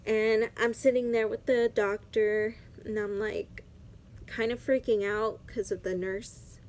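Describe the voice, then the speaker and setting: A woman's voice: fairly high pitch, steady tone, slow, a little mellow. A young woman talks through a personal story to her camera in a loose, casual storytime. Her speech is chatty and peppered with "like" fillers. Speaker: vlogger.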